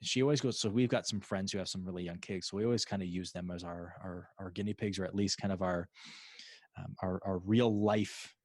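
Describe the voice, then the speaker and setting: Podcast host, male, lowish voice, dry close sound, loose rambling delivery with lots of restarts. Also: fairly even intonation, brisk, dry recording. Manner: rambling, many restarts and fillers. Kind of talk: casual interview chat.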